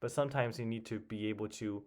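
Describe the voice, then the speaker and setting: A man's voice: lowish voice, steady tone, fast talker. Man muttering through a crossword. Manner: muttering guesses, thinking aloud. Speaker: puzzle solver. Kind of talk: casual solo commentary while solving.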